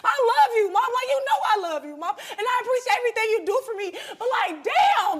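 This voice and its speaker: A woman's voice: very high-pitched, very animated, quick pace, hardly any pauses. A young woman, a talk show guest, speaking bluntly and emotionally, repeating herself and saying "like" and "Mom" often.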